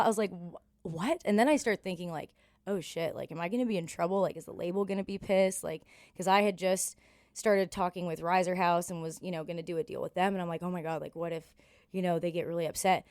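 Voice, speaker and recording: A woman's voice: on the low side, quick pace, dry recording, studio quality. A woman from Canada in her thirties, a singer telling road stories in a casual interview, candid and profane, acting out the voices in her stories. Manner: candid, profane, animated in quoted dialogue. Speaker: country singer, podcast guest.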